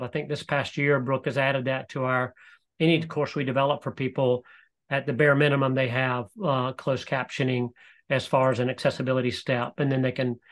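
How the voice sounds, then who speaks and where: A man presenting a live webinar, walking through software in a relaxed, explanatory way with frequent fillers. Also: on the high side. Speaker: presenter demonstrating e-learning software.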